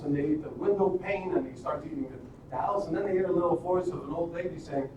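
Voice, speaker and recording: A man with a fairly high voice tells a story in a loose, rambling way, tossing out rhetorical questions as he goes. He sounds far from the mic in a very echoey room. A steady noise sits behind him. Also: fast, few pauses. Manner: animated, rambling, with frequent restarts and rhetorical questions. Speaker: live stream host. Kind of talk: casual storytelling and motivational talk.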